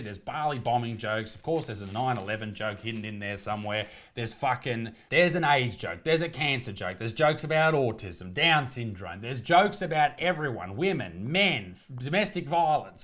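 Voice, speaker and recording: Combative, lively Australian man ranting. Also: medium pitch. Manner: profane, combative. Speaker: comedian. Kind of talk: ranting commentary video.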